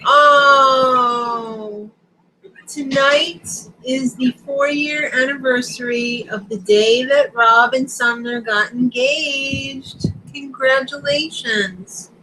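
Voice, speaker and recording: A middle-aged woman from Long Island hosting a casual live-stream chat, talking in quick asides and reading viewer comments aloud. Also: sits high, fairly even intonation, fairly bright tone, a little hiss or hum, low-quality recording. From Long Island, New York. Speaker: host.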